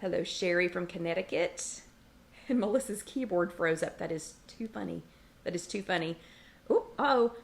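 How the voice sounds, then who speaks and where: A woman's voice: on the low side, moderate pace, vocal fry. A middle-aged woman hosts a casual livestream from her home kitchen. She greets viewers by name, reads their comments aloud and scolds her dog between remarks. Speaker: host of a weight-loss support livestream.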